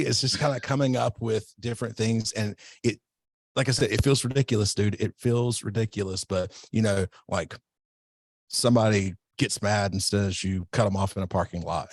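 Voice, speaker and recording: A man's voice: fairly low pitch, no echo. A man who teaches self-defense, talking casually and at length in a podcast interview, often restarting his sentences. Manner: relaxed, rambling, self-correcting.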